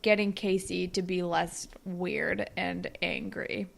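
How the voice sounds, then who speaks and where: A woman's voice: lowish voice, steady tone, takes it slowly, gravelly. A young woman co-hosting a podcast, chatting casually and rambling through an improvised story with lots of fillers. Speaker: podcast co-host. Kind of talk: casual chat.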